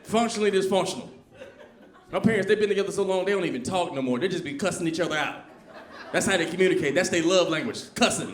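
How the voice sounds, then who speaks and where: A man performs stand-up in a lively, conversational way, often turning to question the crowd. His voice sits high for a man. It is recorded on a comedy club stage with a roomy echo. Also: fast talker. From Southern US. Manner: animated, conversational, quizzes the crowd. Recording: echoey club room.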